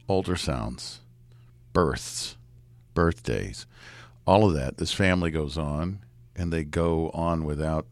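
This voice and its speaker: A man's voice: low voice, darkish tone, no room sound. A man news reporter talking over a story in a reflective, conversational way. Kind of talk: podcast news discussion.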